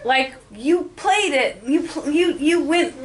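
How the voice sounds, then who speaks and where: High, lively woman coaching a comic. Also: takes it slowly. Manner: direct and candid critique, laughing between notes. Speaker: comedy class instructor giving notes. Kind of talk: coaching feedback.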